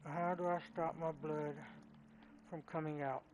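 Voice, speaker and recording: Slow-talking let's play gamer. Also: mid-range voice, steady tone, a little mellow, faint music behind, poor audio. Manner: talks to self while playing, yelps when chased. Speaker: gaming channel co-host.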